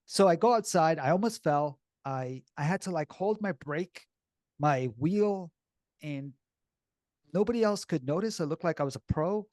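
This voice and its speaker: A man telling a personal story in a blunt, animated, casual way, swearing freely and sounding shaky and upset as he recalls it. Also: on the high side, normal speed, no echo, clean studio sound.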